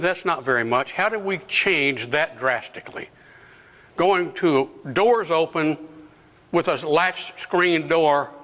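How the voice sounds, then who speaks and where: An older deacon speaks slowly to a gathered parish group, his voice bright and forceful. He acts out quoted exchanges, pushing the quoted lines up toward shouts. The sound carries a long reverb from a parish hall. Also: medium pitch. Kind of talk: talk to a parish lunch group.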